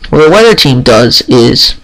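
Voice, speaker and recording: A cocky young mare , played by a man in close to his own voice, self-assured and bragging, with a gravelly edge and lively pitch swings. It is a storybook reading with a casual, confident delivery. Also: normal speed, low-quality recording. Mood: boastful. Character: boastful cocky female pegasus pony.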